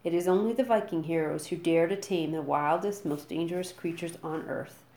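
A woman's voice: on the low side, moderate pace, darkish tone, reverberant, close to an everyday voice. A woman voicing a giant one-eyed Viking man who screams his orders at a group of boys. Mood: bellowing.

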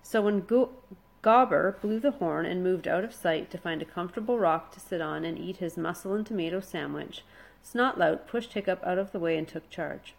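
A woman narrating a children's adventure storybook in a steady, expressive reading voice. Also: lowish voice, normal speed, gravelly, low-quality recording.

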